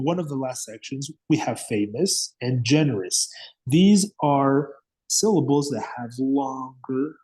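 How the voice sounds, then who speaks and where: A man's voice: mid-range voice, dark tone. A man teaching an English grammar lesson, patiently repeating words and checking understanding with frequent "okay?" and "yes?".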